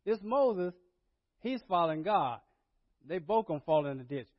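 A man preaching a sermon as pastor, swinging between low murmurs and loud dramatic paraphrase. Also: very animated, normal speed, dry recording, muffled recording. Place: church.

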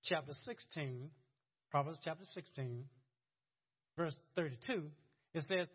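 A man's voice: fairly high pitch, a little slow, slightly rough, muffled recording. A man preaching a sermon in a conversational, chuckling way, often repeating words as he goes. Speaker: pastor.

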